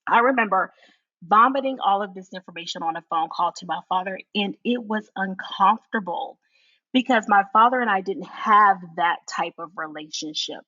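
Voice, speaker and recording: A woman telling her own story in an interview, animated and laughing as she recounts it. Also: mid-range voice, moderate pace, highs cut off.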